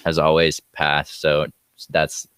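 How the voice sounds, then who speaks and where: A man's voice: very deep voice, monotone, takes it slowly, fairly bright tone, clear, resonant tone, no room sound. A man co-hosting a podcast, giving short supportive replies in casual chat. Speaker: podcast co-host.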